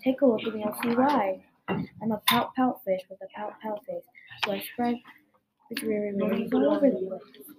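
A woman's voice: a little high, moderate pace, background noise, lightly acted. A woman reading a children's picture book aloud, voicing a gloomy, pouting male fish in a resigned, mopey way. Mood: glum. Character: glum, gloomy male fish with a permanent pout. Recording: chattering crowd behind.

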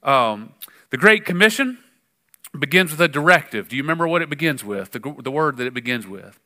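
A man preaching a sermon as pastor, conversational and animated, with frequent fillers and sudden emphatic rises. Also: fairly high pitch, fairly quick.

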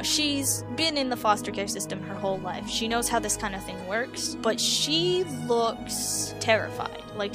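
High-voiced woman narrating a tabletop game. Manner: casual, giggly, slows for vivid narration. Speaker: game master.

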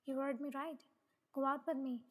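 A woman voicing a smug, scheming young man who blackmails, speaking slowly and tauntingly. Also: very high-pitched, flat delivery.

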